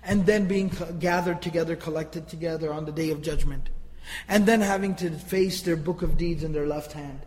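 A man's voice: fairly high pitch, fairly even intonation, moderate pace, darkish tone, in a large hall, poor audio. A man teaching Quranic grammar, emphatic and asking rhetorical questions, often repeating himself. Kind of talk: explaining Quranic grammar to listeners.

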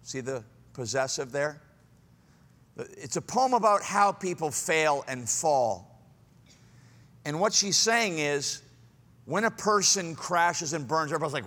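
A man preaching a sermon, swinging from loud, high exclamations to hushed, low asides. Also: a little slow, long reverb tail. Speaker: pastor.

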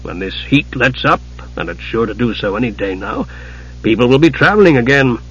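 Man reading as a big gentle innkeeper guy, low and quiet, husky, muffled audiobook. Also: expressive, brisk. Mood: soothing. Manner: quiet, soothing and solemn.

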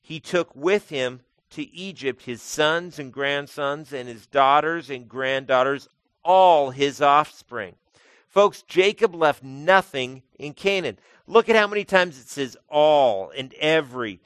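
A man preaching a sermon in a conversational way, calling his listeners folks and swinging between loud emphatic lines and quiet asides. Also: on the high side, animated, slow pace, clean tone, dry recording. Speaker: pastor.

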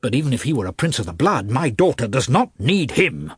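Ranting old aristocrat father, loud and scornful, husky edge, dry sound, read by a man. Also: mid-range voice, very animated, a little fast, dry recording, voice pushed up. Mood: angry. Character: irate elderly male prince, blustering father.

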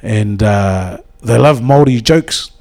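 Mellow, low-voiced New man. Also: slow pace. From New Zealand. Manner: rambling, with many hesitations and restarts. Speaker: speaker at a church gathering. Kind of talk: informal devotional talk.

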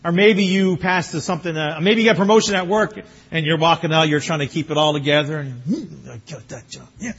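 Male pastor, middle-aged, high husky voice, animated sermon delivery, dull lo-fi recording. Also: quick pace, hardly any pauses. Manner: animated, bursts into excited exclamations. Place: church sanctuary. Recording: muffled lo-fi recording.

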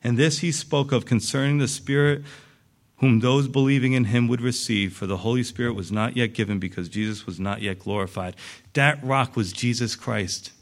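A man preaching a sermon, animated, acting out the voices in the story with big swings in pitch. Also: normal speed. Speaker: pastor.

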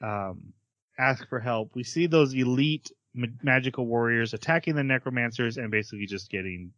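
A man hosting a podcast, chatting casually as he recaps an anime episode, laughing often and quickly acting out the characters' lines. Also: mid-range voice, a bit bright, dry recording, dull audio. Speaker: podcast host.

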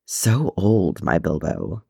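A man voicing the ghost of a dwarf king, gruff yet soft and tender. The low voice is gravelly, and the pitch rises and falls widely. It is a dry, close storybook recording. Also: huge pitch swings, slow, no echo, full character voice.

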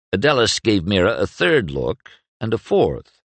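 Man, audiobook narrator, very deep voice, animated pitch, dry close recording. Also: measured pace, dry recording. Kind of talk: scripted narration.

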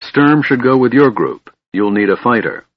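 A man reading aloud voices a proud male knight who speaks angrily, in a husky voice. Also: mid-range voice, expressive, normal speed, dull audio, voice pushed up, close to an everyday voice. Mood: angry. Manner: angry, savage.

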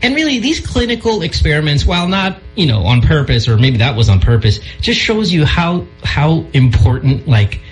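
A man from the Philippines co-hosts a loose call-in radio show. His voice sits a little high and swings widely in pitch, and he keeps the talk joking and chatty. Faint music plays underneath. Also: normal speed, hardly any pauses. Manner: joking, animated, mixes in Tagalog. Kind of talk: casual call-in radio chat.

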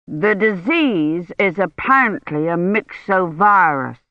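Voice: mid-range voice, animated, lightly acted. A reader plays a tired older man, an academic who weighs each word and questions people methodically. The audio is muffled and dry, with no room echo. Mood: careful. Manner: measured, careful. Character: weary older male Oxford don, careful.

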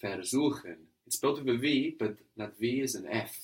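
A man's voice: mid-range voice, normal speed. A man teaching a spoken language lesson, patiently repeating his student's answers and explaining grammar step by step.

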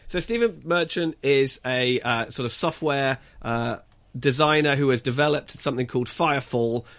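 Guy chatting about a movie on the radio, mid pitch, keeps tripping over his words. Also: a bit bright. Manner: halting, stumbles and searches for words. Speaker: film reviewer on a radio talk show. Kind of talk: casual radio chat. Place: radio studio.

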